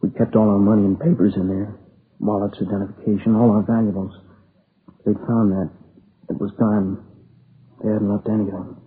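A man's voice: on the low side, flat delivery, lightly acted. A man playing a grief-stricken young survivor. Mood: grieving. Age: young adult. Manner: halting, subdued, plain-spoken. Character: grieving young man recounting his friend's murder. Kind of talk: radio drama acting. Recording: tinny lo-fi old radio recording with faint hiss.

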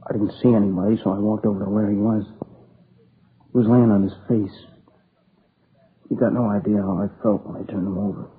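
A grieving young man, worn out and near tears, as an actor plays him, speaks haltingly in a lowish, flat voice. It is a 1950s radio crime drama, heard through a tinny old broadcast with faint hiss. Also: lightly acted. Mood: shaken. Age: young adult. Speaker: robbery and murder witness.

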